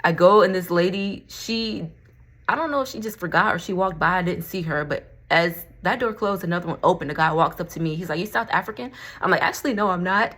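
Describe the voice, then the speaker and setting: A woman's voice: on the low side, fairly quick, a bit bright. Chatty, laughing woman vlogger. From Florida. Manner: chatty and rambling, laughs often, says y'all. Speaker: vlogger and crystal seller. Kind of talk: casual chat to camera. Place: at home.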